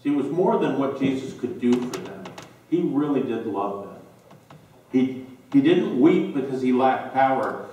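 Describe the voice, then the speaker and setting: A male pastor preaching a sermon, slow and emphatic with dramatic pauses, recorded in a church sanctuary. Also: medium pitch, lively intonation, mellow, a little hiss or hum. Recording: very echoey church from a distance.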